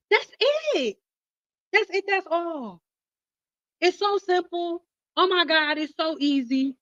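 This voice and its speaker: A blunt, teasing woman hosts a casual livestream rant, her voice sitting high. The audio is slightly dull and dry. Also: slow, pauses often, fairly bright tone, no room sound. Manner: blunt, teasing, laughs often. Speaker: hairstylist livestream host. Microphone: livestream mic.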